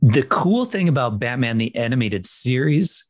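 A man co-hosting a podcast, casually explaining history in a steady, explanatory way. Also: mid-range voice, normal speed, no echo. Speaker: podcast co-host. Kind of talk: casual chat.

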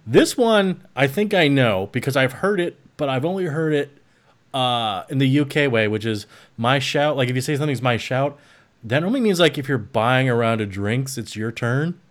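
A man hosting a podcast in casual chat, joking and quick to laugh. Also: mid-range voice, expressive. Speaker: podcast host.

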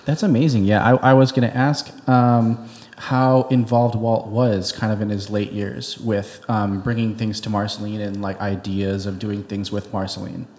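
Male interviewer, hesitant and halting, monotone delivery. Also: on the low side, reverberant. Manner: hesitant, many fillers. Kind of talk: interview questions.

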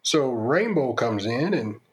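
A man's voice: medium pitch, sing-song, takes it slowly. A man hosting a podcast, delivering an opinionated monologue in an emphatic, preachy style with lots of rhetorical questions. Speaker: podcast host.

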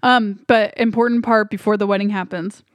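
A woman's voice: medium pitch, steady tone, fairly quick, no echo, clean studio sound. A woman co-hosting a podcast, chatting casually about a movie with many restarts and fillers. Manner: rambling, hesitant with many restarts. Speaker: podcast co-host.

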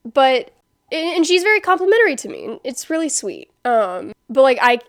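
A young woman co-hosting a podcast in casual chat, telling a story animatedly and acting out quotes loudly, with many fillers and swearing. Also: sits high, big pitch swings, moderate pace, dry recording, clean studio sound. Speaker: podcast co-host.

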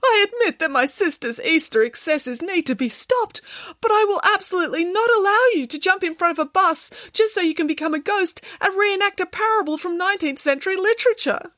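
Dramatic, protective bear brother, played by a woman; raised pitch, very animated. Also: a little fast, no room sound, studio quality, heavily acted. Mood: fussy. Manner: dramatic, emphatic. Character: big fussy Russian male bear, protective brother.

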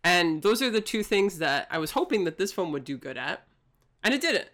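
High, bright-voiced male film critic. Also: very animated, normal speed. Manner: articulate, analytical, speaks in long sentences. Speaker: podcast co-host. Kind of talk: casual chat.

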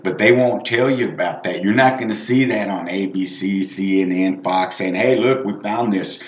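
A man's voice: low voice, fairly even intonation, normal speed. A man giving informal, rambling preaching to listeners, emphatic and conversational with many asides. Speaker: lay evangelist. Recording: roomy echo.

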